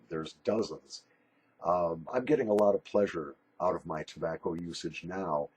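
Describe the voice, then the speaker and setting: Brief: older man, low and very husky voice, joking and rambling through a friendly video letter. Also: darkish tone. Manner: jokey, rambling, bawdy, friendly. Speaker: pipe and snuff YouTuber.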